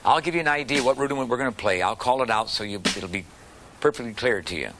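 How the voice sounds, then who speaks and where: A man teaching a beginner drum lesson, calmly calling out stick strokes and explaining rudiments. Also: mid-range voice, fast, noisy background. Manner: calm, patient, counting and calling out strokes. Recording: drumming heard behind the voice. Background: snare drum rudiments played along.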